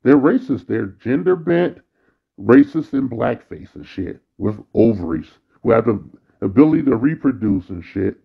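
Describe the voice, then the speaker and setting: A man rants into the camera in a bitter, worn-out monologue that is thick with cursing. His voice is gravelly and husky. The recording sounds dull and lo-fi. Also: medium pitch, big pitch swings, moderate pace. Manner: bitter, weary ranting, frequent cursing. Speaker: vlogger. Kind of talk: angry profane monologue.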